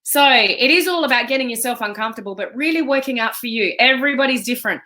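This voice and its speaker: Bright-voiced Australian woman coach. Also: a little high, quick pace. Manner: energetic, emphatic, chatty. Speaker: business coach. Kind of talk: live-streamed motivational talk.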